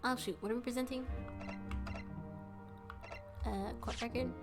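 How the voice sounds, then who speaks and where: A woman's voice: on the high side, fairly even intonation, a little slow, music in the background. A young woman streamer commenting casually on a game, filling her talk with "like". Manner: casual, lots of "like". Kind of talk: live gameplay commentary.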